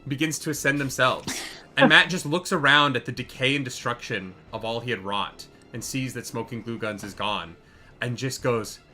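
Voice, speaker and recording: A man narrating as game master in a live tabletop charity game, excitable and swearing freely. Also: medium pitch, moderate pace, soft background music.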